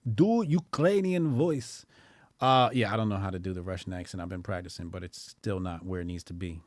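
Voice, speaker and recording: A man hosting a livestream in a casual, slangy, profane way, chatting straight to his viewers. His voice sits at an ordinary middle pitch and keeps jumping from loud excitement to quiet mumbles. The sound is close and dry, with no room echo. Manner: loose and animated, swings between loud excitement and low mumbling. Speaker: streamer and news commentary host.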